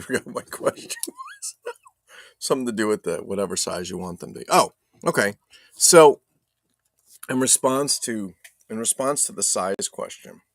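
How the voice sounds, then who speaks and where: A man's voice: medium pitch, gravelly, fairly bright tone, no echo, clean studio sound. A man hosting a casual live stream, joking loosely, swearing and reading viewer chat aloud. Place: home streaming setup.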